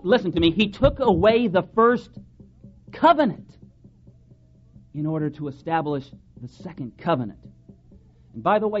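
A man preaching a sermon, reading scripture aloud and pressing his points with strong rises in emphasis. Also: mid-range voice. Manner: emphatic, rising and falling for stress, reads scripture aloud. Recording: dull lo-fi sound with faint background hiss.

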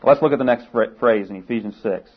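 A man's voice: mid-range voice, fast talker, slight background noise. A man preaching a sermon, asking rhetorical questions and building to emphatic peaks. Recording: tinny phone-like sermon recording.

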